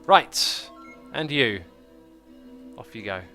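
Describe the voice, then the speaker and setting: A man hosting a casual gameplay livestream, chatting, thinking out loud and answering viewer comments. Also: medium pitch, expressive, extremely slow, faint music behind. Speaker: livestream host.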